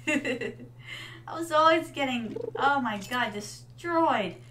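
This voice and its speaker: A woman's voice: high-pitched, expressive, drawn-out words, fairly bright tone, distant mic, slight background noise. A woman streaming a farming game, chatting casually and calling her viewers darlings. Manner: chatty, reads game lines aloud, addresses chat as darlings. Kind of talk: casual gameplay chat.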